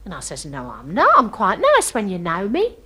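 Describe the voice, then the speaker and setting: A woman's voice: medium pitch, wildly swooping pitch, normal speed, sharp tone, husky, heavily acted. An actress playing a chatty, starry-eyed young working-class girl from London, telling a comic story with gossipy, ungrammatical speech. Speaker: comic monologue performer. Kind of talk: comic character monologue.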